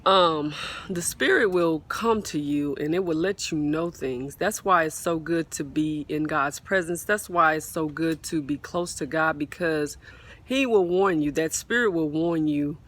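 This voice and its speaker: A woman's voice: low-pitched, measured pace, fairly bright tone. A woman on a swing outdoors, giving a casual spoken faith testimony into a phone, fervent and repetitive, often calling out to her viewers. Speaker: faith vlogger sharing a testimony. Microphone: phone mic, sometimes partly covered.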